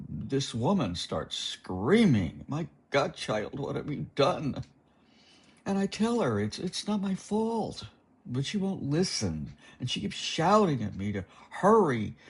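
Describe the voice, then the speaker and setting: A man narrating a first-person novel as an audiobook, in a slow, wry and expressive reading. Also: on the low side, husky.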